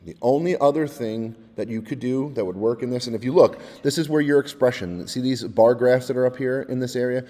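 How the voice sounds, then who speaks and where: Casual male tutor, mellow voice, step-by-step software walkthrough, long reverb on the voice. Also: mid-range voice, brisk, hardly any pauses. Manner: casual, explains step by step, often adds "all right?". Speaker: music technology teacher. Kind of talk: screen-recorded software tutorial.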